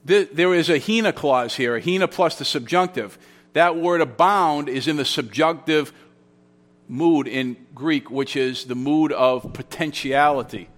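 Male pastor, slightly higher voice, conversational teaching sermon, repeats key phrases. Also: measured pace, fairly bright tone. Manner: teaching, explaining Greek grammar with repeated phrases; conversational storytelling with restarts. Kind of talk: expository sermon.

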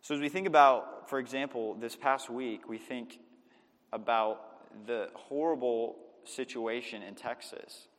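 A man's voice: mid-range voice, a bit bright. Young man preaching in a reverberant hall. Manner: emphatic, stresses key words, slows on points. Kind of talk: sermon. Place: church sanctuary.

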